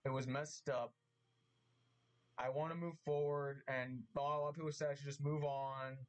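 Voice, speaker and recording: A man making an earnest vlog apology, speaking haltingly and repeating himself, getting emotional as he talks. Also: mid-range voice, level tone, poor audio. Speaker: vlogger. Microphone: mask on, camera vlog.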